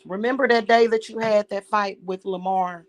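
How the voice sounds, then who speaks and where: A woman's voice: medium pitch, steady tone, moderate pace. A woman vlogger delivering an angry, profane rant straight at someone, repeating her words as she talks. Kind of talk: angry direct-address rant.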